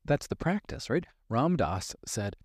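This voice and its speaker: A man's voice: medium pitch, sing-song, measured pace, slightly rough, no echo, clean studio sound. A man in his fifties hosting a motivational podcast, talking candidly and emphatically, swearing casually and repeating phrases for stress. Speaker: podcast host and life coach.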